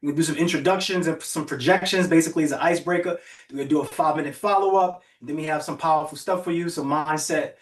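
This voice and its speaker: A fairly high-voiced man preaches with energy to an online summit audience, repeating phrases and urging people to type in the chat. He sounds set back from the microphone, and the room has a clear echo. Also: quick pace, recorded from a distance. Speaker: summit host and motivational speaker. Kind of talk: motivational talk on a virtual summit. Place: virtual event broadcast.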